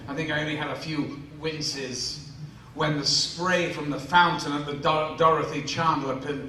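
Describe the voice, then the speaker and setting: A man's voice: on the high side, far from the mic, background noise. A man, telling a self-mocking story on stage to fans, acting out the voices of the people in it. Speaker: actor answering fan questions. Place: large convention hall. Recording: echoey hall, mic heard from afar.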